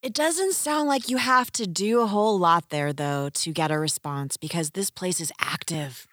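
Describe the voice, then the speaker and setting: A woman's voice: fairly low pitch, moderate pace, fairly bright tone, dry recording, studio quality. A woman interviewing a guest in casual chat, reacting with exclamations and jokes.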